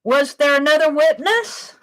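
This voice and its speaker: A woman hosting an art livestream, slowly reading out her viewers' questions one by one and praising them as she writes them down. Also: high voice, fairly bright tone. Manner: slow, reads out each viewer question and praises it.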